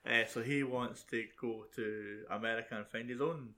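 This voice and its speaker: A young man co-hosting a relaxed film chat, swearing casually as he recalls watching the movie. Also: medium pitch, normal speed. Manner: sweary, laid-back. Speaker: podcast co-host.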